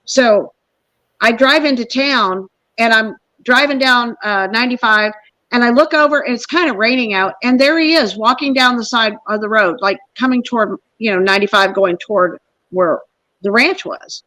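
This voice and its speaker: A middle-aged woman hosting a podcast, telling a personal story in a rambling, animated way and acting out the people she quotes. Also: on the high side, moderate pace, no room sound, poor audio. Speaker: podcast host. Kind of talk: casual storytelling.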